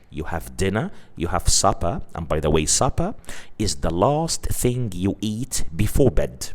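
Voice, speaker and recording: A man's voice: deep voice, a little mellow. A man teaching an English lesson, patiently explaining and repeating example phrases.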